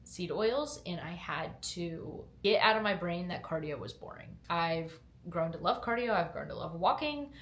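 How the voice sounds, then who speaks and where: A young woman, a fitness and lifestyle vlogger, talks to camera in a casual Q&A, answering viewer questions candidly and chattily, hedging with fillers and turning upbeat when she motivates. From upstate New York but raised in Georgia, she has a slight Southern twang mixed with an upstate accent; her fairly low, fairly bright voice is expressive, at normal speed with few pauses. The room is echoey.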